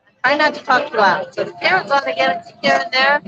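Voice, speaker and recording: At a motorcycle rally on a busy street, a woman co-hosting a casual live stream reads viewer comments aloud and chats. Her voice sits high, quick and sharp, with faint music behind, and the livestream audio is dull and lo-fi.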